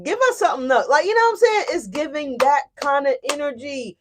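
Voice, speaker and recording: Animated woman giving a tarot reading. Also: sits high, a little fast, few pauses. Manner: animated and emphatic, often tagging "right?", swears freely. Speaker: tarot reader. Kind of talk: casual tarot reading to camera.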